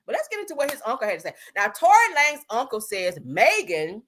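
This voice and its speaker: Sassy, lively woman streamer. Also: a little high, fast. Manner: sassy, blunt, swearing, calls viewers "honey" and "girl". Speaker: live-stream host. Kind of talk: casual gossip commentary.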